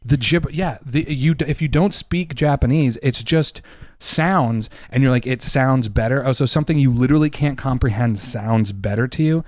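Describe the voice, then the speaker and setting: A man's voice: medium pitch, normal speed, darkish tone, no room sound, clean studio sound. A man co-hosting a casual podcast, arguing heatedly and emphatically, with lots of swearing. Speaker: podcast co-host.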